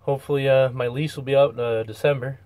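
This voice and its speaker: A middle-aged man speaks a little out of breath, with a folksy, plainspoken manner, touring a cramped camper van. His voice sits at an ordinary pitch and sounds close and dry in the small space. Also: steady tone, fast talker, darkish tone, dry recording. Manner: folksy, plainspoken, chuckles often. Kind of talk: casual van tour vlog.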